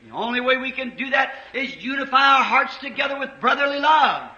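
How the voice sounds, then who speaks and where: With lively intonation, few pauses and a fairly quick pace, a man preaches in a bright, piercing, very high voice, going from quiet storytelling to passionate shouting. The sermon sounds dull and lo-fi, echoing like an old church recording.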